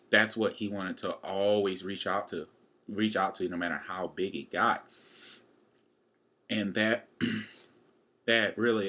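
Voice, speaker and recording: A man's voice: low-pitched, a bit bright. A young man in his twenties, chatting casually and rambling to camera in a fitness vlog. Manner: rambling and chatty, with many fillers. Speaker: college student vlogging a fitness challenge.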